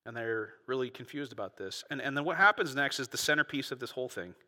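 A man preaching a sermon as a pastor, moving between quiet asides and loud, animated bursts. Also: medium pitch, fast talker, big-room sound.

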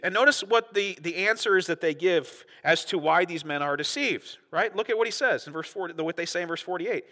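An earnest male pastor preaches in a conversational way, often circling back and repeating himself. His voice sits fairly high and sounds bright and sharp. Long reverb trails after him through a large church hall. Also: animated, brisk, hardly any pauses. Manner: earnest, conversational, frequent restarts and repetitions. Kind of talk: sermon.

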